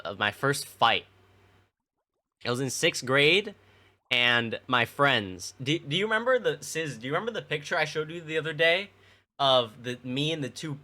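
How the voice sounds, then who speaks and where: Animated, swearing young male streamer. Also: on the high side. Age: young adult. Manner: rambling, profane, lots of fillers. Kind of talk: casual storytelling to chat.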